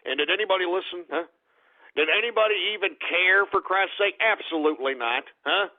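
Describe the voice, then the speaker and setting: A man hosting an internet radio show, ranting at his listeners with constant swearing, swinging between shouting and weary muttering. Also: sits high, brisk. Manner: repeats exclamations, addresses listeners as folks. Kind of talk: talk radio rant. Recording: tinny lo-fi phone-like audio.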